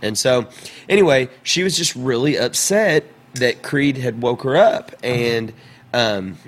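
A man, a podcast host, retelling a family story in casual chat, animated and full of restarts. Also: mid-range voice, measured pace. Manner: animated, acts out quoted voices, many restarts.

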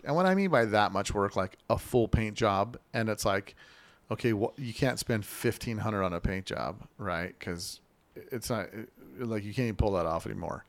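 Gravelly low-voiced man chatting about cars. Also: no echo. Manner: rambling, laughing, acts out voices in quotes. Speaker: show host. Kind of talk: casual chat about classic cars. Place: Las Vegas.

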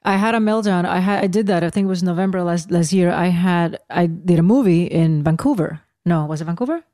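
A woman hosting a casual chat, telling stories with animated emphasis and laughter. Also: on the low side, a little fast, no echo, studio quality.

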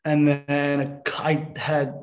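A young man answers interview questions over a remote line with a fairly high voice. He pauses often and leans on fillers. The mic sits back from him. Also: monotone. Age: young adult. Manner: hesitant, filler-heavy. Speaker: podcast guest, former college athlete.

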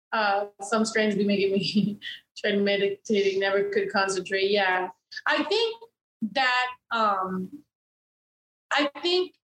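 A woman's voice: mid-range voice, fairly bright tone, echoey room, rough recording. A woman co-hosting a casual chat, talking candidly with lots of swearing and fillers. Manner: candid, profane, rambling with many fillers.

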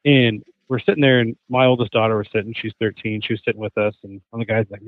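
A man's voice: on the low side, fast, no room sound. A man talking as a podcast guest, telling stories with animation and acting out the voices of the people he quotes. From Southern California. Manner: animated storyteller who acts out quoted voices. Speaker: podcast guest, hunter and chef. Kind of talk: casual conversation. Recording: thin phone-like remote line, dry.

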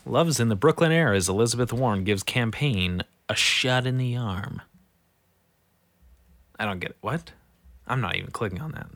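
A man who is sick, reading news headlines aloud in a casual, foul-mouthed way, swinging from mumbling to shouting. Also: medium pitch, lively intonation, normal speed, pauses often, no echo. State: sick, voice going rough. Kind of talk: casual profane commentary.

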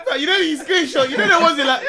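A young man, chatting casually and acting out the people in his stories in a slangy, animated way. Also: very high voice, fast, crowd noise. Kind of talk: casual chat, storytelling.

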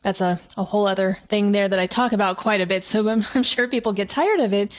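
A woman's voice: mid-range voice, fast talker. Thoughtful woman interview host. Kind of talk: casual interview chat.

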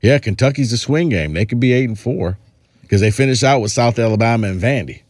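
A man's voice: mid-range voice, animated, a little fast, darkish tone, no room sound, studio quality. A man hosting a sports podcast, chatting casually and rambling through his points with frequent restarts. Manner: rambling, restarts, quotes others in a put-on drawl. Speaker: podcast host.

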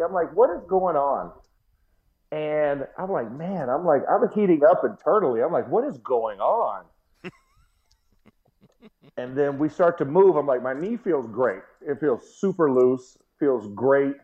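A man with a slightly higher voice tells a story with lively gusto, acting out each of his own reactions as he goes. The sound is somewhat dull and lo-fi, like a modest recording setup. He keeps a casual, chatty tone throughout. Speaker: former football player.

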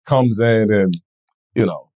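A man being interviewed, telling stories in a relaxed, lively way and acting out other people's voices. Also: on the low side, slow, dry recording, studio quality. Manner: animated, acts out voices in his stories. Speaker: comedian guest. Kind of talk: casual interview storytelling.

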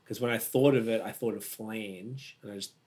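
A man's voice: on the low side, normal speed, a little mellow, slight background noise. A man with an Australian accent hosts a loose chat. He rambles through stories, swears freely and laughs often. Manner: rambling, profane, laughs easily. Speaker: podcast host. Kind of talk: casual chat, storytelling.

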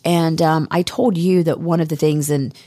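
A woman's voice: low-pitched, fairly even intonation, normal speed, dark tone, no echo. A woman chatting casually on a podcast, reminiscing about a friend with many fillers and restarts.

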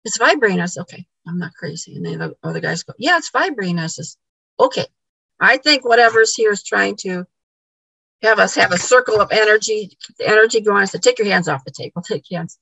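A woman with a gravelly, husky voice tells a story in casual conversation, stumbling over repeated words and voicing what each person said. The sound is dry and close. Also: mid-range voice, expressive, brisk, fairly bright tone, dry recording, low-quality recording. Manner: repeats words, acts out quoted dialogue. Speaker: podcast guest.

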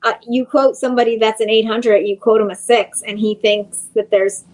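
A woman's voice: a little high, fairly even intonation, moderate pace, a little mellow, rough recording. A woman who sells cars, talking frankly in a casual chat. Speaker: car saleswoman.

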